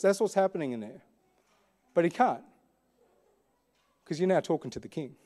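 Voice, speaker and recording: High-voiced man preaching. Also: very animated, normal speed, long pauses, mellow. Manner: conversational, questioning, frequent fillers. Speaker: pastor. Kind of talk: sermon.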